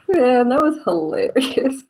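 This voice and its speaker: A woman's voice: sits high, poor audio. A young woman from southern Morocco with a Moroccan accent, chatting casually in a vlog and laughing often. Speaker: vlogger. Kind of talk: casual chat.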